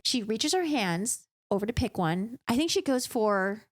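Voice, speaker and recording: Animated woman recapping a book. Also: fairly high pitch, measured pace, hardly any pauses. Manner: dramatic, animated storytelling. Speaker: vlogger.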